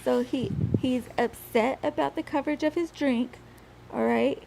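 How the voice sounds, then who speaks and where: A woman's voice: high voice, normal speed, creaky, background noise. A woman reading out a history story on a casual podcast, laughing often between lines.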